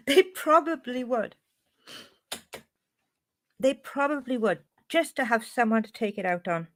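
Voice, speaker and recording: A woman's voice: a little high, lively intonation, moderate pace. Chatty Welsh woman streaming live. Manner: chatty, reads and answers chat. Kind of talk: casual live-stream chat.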